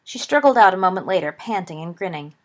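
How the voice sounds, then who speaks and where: A woman reading a story aloud in a steady, expressive narration. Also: fairly low pitch, fast. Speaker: audiobook reader.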